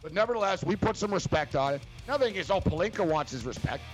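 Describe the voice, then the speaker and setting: A man's voice: high voice, expressive, fast talker, faint music behind, poor audio. Ranting sarcastic sports radio host, a man. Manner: ranting, sarcastic, heavy fillers. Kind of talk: opinionated sports radio talk.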